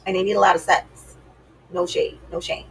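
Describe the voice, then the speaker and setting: Gravelly, sassy woman giving advice. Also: on the low side, flat delivery, normal speed, poor audio. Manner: sassy, emphatic, addresses viewers as y'all. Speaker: dating advice vlogger. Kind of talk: casual advice talk to camera.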